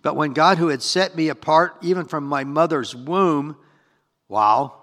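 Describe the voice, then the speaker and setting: A man preaching a sermon, reading scripture aloud and breaking in with lively asides. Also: on the high side, unhurried. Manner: animated, reads verses then breaks in with asides and laughs. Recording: hall reverb.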